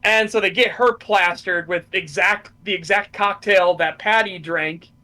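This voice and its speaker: Bright, high-voiced excited male host. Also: a little slow. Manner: excited, profane retelling. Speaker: streamer host. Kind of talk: casual podcast chat.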